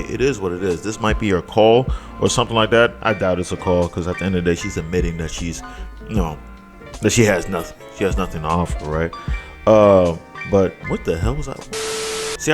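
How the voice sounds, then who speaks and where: A man casually reacting to a video clip with jokey, animated commentary, now and then jumping into high mocking voices. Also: gravelly.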